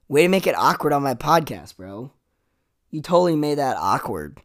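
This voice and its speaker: A man's voice: fairly high pitch, animated, normal speed, gravelly, fairly bright tone. A young man hosting a podcast, ranting sarcastically with lots of swearing, "like" and "dude". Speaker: podcast host. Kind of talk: comedic rant monologue.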